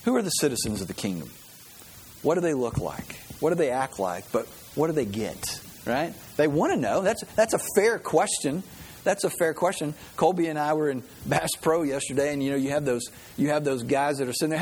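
A man's voice: on the high side, expressive, fairly quick, a little mellow, a little hiss or hum. A man preaching a sermon in a conversational way, often asking the listeners questions. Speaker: pastor.

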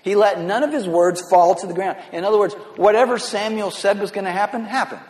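A man's voice: high voice, fairly quick, a little mellow. A male pastor preaching a sermon in a conversational way, often repeating words and asking "right?". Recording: echoey hall reverb.

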